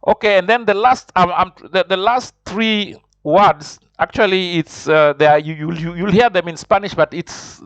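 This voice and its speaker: A man teaching a beginner language lesson, who halts and restarts often, checks in with "huh?" and slowly models phrases for learners to repeat. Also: high-pitched, fairly bright tone, no room sound. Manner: halting, with many restarts and repeated words. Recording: dull, lo-fi dry recording.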